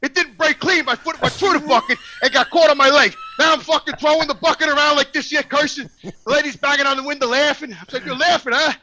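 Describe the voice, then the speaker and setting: A middle-aged man telling a profane story, animated and swearing constantly. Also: extremely high pitch, fast talker, noisy background. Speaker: podcast guest telling a story. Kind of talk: profane storytelling, casual chat.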